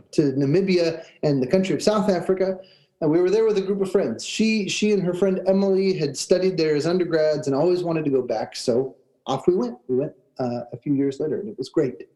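A man preaching a sermon, telling a personal story in a conversational way, with restarts and pauses. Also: fairly high pitch, warm tone, rough recording. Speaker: pastor.

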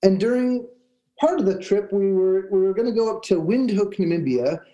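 Male pastor, warm mellow tone, relaxed storytelling sermon with easy restarts. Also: sits high, muffled recording. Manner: conversational, with restarts and pauses.

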